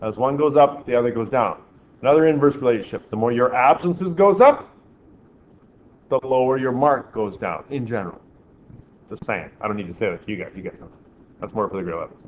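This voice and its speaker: A man's voice: medium pitch, a little fast. A man teaching a physics class, quizzing his students and making dry joking asides. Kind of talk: classroom lecture. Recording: slightly dull classroom recording with faint background hiss.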